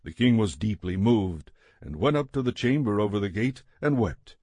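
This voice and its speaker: A man reading scripture aloud in a measured, steady narration. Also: on the low side, dry recording. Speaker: scripture reader.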